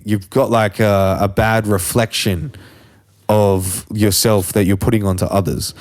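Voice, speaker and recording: A man's voice: on the low side, little pitch movement, measured pace. A man hosting a podcast, talking casually in a rambling, philosophizing way and swearing freely. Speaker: podcast host. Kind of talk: casual conversation.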